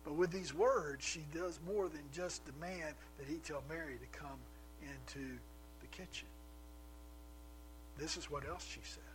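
A man's voice: on the high side, steady tone, unhurried, soft background music, poor audio. A man preaching a sermon, retelling a scripture story with rhetorical questions and acted-out quotes.

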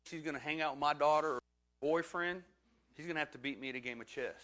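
A man's voice: on the high side, quick pace, sharp tone. A man, preaching a sermon and telling a funny personal story with self-deprecating humor. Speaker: pastor.

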